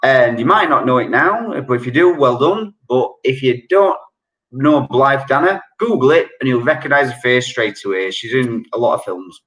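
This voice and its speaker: A man hosting an online quiz, chatty and joking, reading each question slowly and repeating it. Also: medium pitch, lively intonation, fairly bright tone. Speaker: quiz host. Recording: echoey room.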